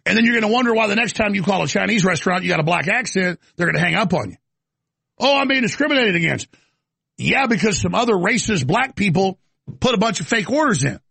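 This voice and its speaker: Ranting male talk show host, gravelly and husky, stammering restarts. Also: high-pitched, animated, fast talker, fairly bright tone, dry recording. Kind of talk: live talk show rant.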